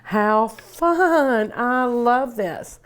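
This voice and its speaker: A woman's voice: fairly high pitch, lively intonation, drawn-out words. An older woman hosting a cooking show, chatting and gushing enthusiastically while she eats. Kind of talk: casual cooking show talk.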